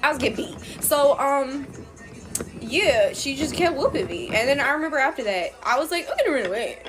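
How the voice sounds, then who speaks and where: A young woman telling casual stories in a blunt, profane and animated way. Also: sits high, normal speed, over music. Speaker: storyteller. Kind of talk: casual storytime.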